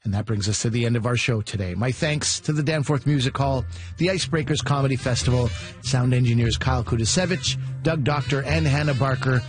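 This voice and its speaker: A man hosting a radio comedy show, reading the closing credits in a measured way. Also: mid-range voice, faint music behind. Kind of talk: scripted show sign-off.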